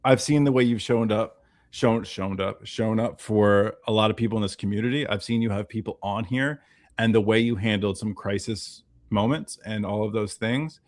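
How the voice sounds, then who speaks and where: A man's voice: fairly low pitch, moderate pace. A man in casual conversation, telling a story with swearing and quoted dialogue. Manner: animated storyteller, acts out dialogue, swears freely. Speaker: podcast guest.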